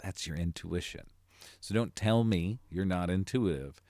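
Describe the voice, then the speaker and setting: A man hosting a motivational podcast as a life coach, talking earnestly and building to emphatic, animated delivery. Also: low voice, a little slow, no room sound, clean studio sound.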